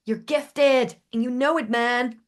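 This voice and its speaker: A woman's voice: on the high side, fairly even intonation, takes it slowly. A woman in casual podcast chat, talking animatedly and candidly, sometimes swearing and acting out imagined thoughts. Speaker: podcast co-host. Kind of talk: casual spiritual business chat.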